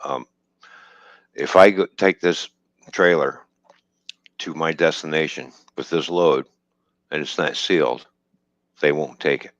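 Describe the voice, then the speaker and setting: A man's voice: extremely low pitch, unhurried, long pauses, fairly bright tone, dry recording, dull audio. A man casually telling a story from his trucking work, quoting the people in it, swearing freely and laughing as he goes.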